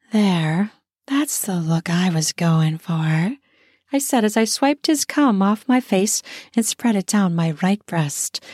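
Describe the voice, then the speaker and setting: A woman narrating a first-person erotic audio story in an intimate, soft, drawn-out manner. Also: mid-range voice, no room sound, studio quality.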